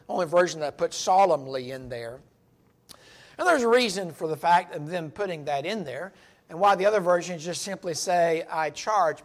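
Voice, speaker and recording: A man teaching a Bible study, earnest and emphatic, stressing key words as he reads verses aloud. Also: sits high.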